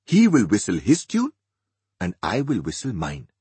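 A man voicing a sharp-tongued, mocking middle-aged wife. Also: on the low side, huge pitch swings, normal speed, husky, no room sound, heavily acted. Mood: sarcastic.

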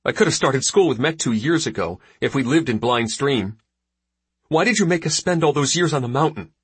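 A man's voice: fairly low pitch, very animated, normal speed, husky, no echo, heavily acted. A man voicing an earnest sixteen-year-old farm boy who pleads with his father. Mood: pleading.

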